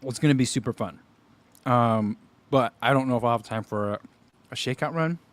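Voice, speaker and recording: During a laid-back food-tasting livestream for his running channel, a man in his thirties chats away, sometimes with food in his mouth. His voice is medium in pitch and his speed normal.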